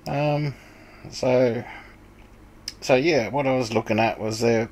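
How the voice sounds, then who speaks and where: A man's voice: medium pitch, steady tone, slow pace, darkish tone, poor audio. A man casually explaining Bible passages over a screen share, hesitant and full of ums and restarts. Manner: plain, conversational explaining. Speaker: Bible study video maker.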